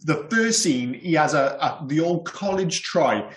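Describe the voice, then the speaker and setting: A man's voice: a little high, expressive, a little slow. A man, co-hosting a casual film podcast, talking bluntly and at length. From Wales. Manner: candid, blunt, rambling opinions. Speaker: podcast co-host. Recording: roomy echo.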